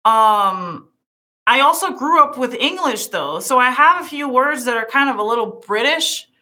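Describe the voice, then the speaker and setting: A woman's voice: high-pitched, animated, moderate pace, bright, forceful tone. A woman with a European accent whose first languages are Portuguese and German, chatting earnestly and self-deprecatingly as an interview guest, often restarting her sentences. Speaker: streamer and musician guest. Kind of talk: casual interview chat.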